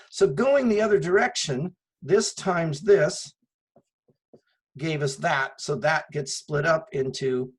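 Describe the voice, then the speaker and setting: Slow, husky male math teacher. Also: fairly high pitch, low-quality recording. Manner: patient, step-by-step, poses rhetorical questions. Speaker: math instructor. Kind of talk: recorded classroom lecture.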